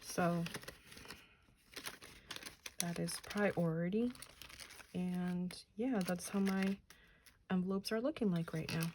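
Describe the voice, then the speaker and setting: A woman's voice: fairly low pitch, slow pace, pauses often, noisy background. A woman in her thirties from New Jersey, chatting casually while counting cash aloud and muttering to herself. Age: 30s. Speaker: budgeting channel host.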